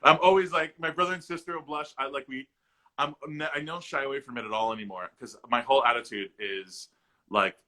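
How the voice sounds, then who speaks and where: Bright-voiced man telling a funny story. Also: mid-range voice, a little fast, low-quality recording. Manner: animated, jokey, mimics the people in his stories; loose, with frequent fillers and restarts. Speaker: actor and comedian guest. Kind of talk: casual interview storytelling.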